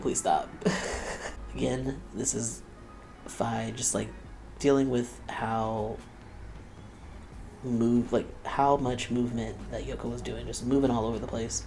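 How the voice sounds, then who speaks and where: A man's voice: medium pitch, fairly even intonation, normal speed, gravelly, warm tone, slight background noise. A young man hosting a reaction video, chatting casually and laughing often as he quotes the people he watches.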